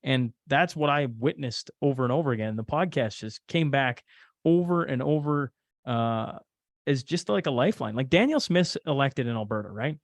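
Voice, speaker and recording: A man's voice: medium pitch, animated, moderate pace, no echo. A man, a podcast host who talks casually as a guest, rambling with many fillers and restarts. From Canada. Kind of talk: casual conversation.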